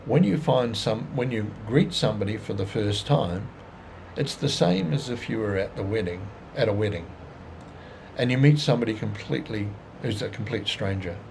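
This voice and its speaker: Gravelly Australian businessman, folksy talk. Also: on the low side, lively intonation, normal speed, a little mellow, a little hiss or hum. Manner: rambling and folksy, with plain sales advice. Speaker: businessman telling his life story. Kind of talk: casual monologue to camera.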